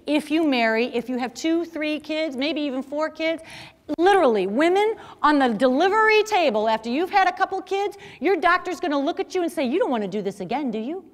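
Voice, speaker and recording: A woman's voice: high-pitched, lively intonation, a little fast, big-room sound. A middle-aged woman giving an emphatic, preachy talk to a young audience, full of rhetorical questions. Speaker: speaker.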